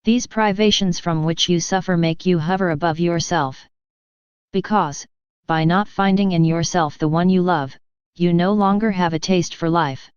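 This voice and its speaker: A woman voicing a gentle, consoling male divine speaker in a calm, tender, instructive way. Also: fairly low pitch, normal speed, smooth, no echo, highs cut off, natural voice.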